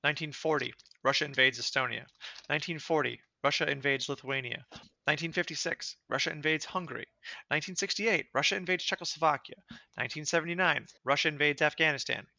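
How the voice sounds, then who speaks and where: A man's voice: fairly high pitch, fast talker, gravelly, bright, forceful tone, no echo. A man co-hosting a casual political podcast, ranting heatedly and swearing often. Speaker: podcast co-host.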